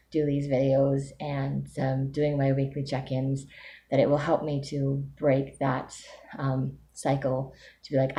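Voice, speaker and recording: A woman with a low, mellow voice records a casual video diary. She speaks candidly and reflectively, thinking aloud. A faint hiss sits under her voice. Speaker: vlogger giving a weekly update.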